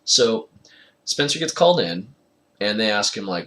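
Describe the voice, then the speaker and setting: A man's voice: fairly low pitch, very animated, moderate pace, fairly bright tone. A young man telling a casual personal story, rambling with lots of fillers and frequent laughter.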